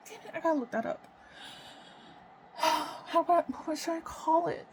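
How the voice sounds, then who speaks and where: A woman talking unscripted to her camera about her own life, halting and emotional, swearing and sighing often. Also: sits high, slight background noise, low-quality recording. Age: adult with children. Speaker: vlogger. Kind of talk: raw unscripted personal talk to camera.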